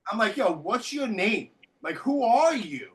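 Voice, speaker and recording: The host of a podcast, a man with a high-sitting voice, speaks a little slowly as he tells stories in casual chat. He's an animated narrator with a lot of swearing.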